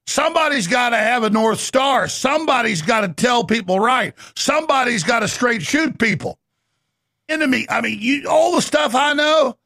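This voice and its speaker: A man hosting a talk show, delivering an excitable rapid-fire ranting monologue with frequent shouting. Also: high voice, creaky, no echo, studio quality.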